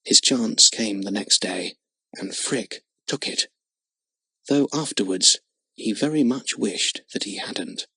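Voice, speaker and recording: A man's voice: on the low side, slow pace, vocal fry, breathy edge, no room sound. Man reading a children's storybook aloud. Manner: expressive, dramatic reading. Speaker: audiobook narrator. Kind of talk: storybook narration.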